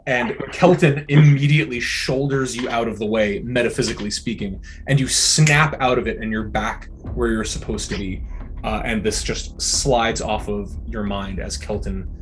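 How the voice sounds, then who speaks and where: A man's voice: mid-range voice, fairly even intonation, moderate pace, background noise. A man running a tabletop game as game master, narrating casually with lots of fillers. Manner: casual, descriptive, many fillers. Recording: music behind the voice.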